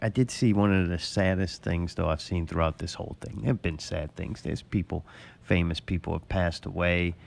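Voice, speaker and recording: A man's voice: low-pitched, fairly even intonation, moderate pace, gravelly. Rambling, profane talk-show man. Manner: rambling storyteller, swears a lot. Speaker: podcast host. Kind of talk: casual profane chat.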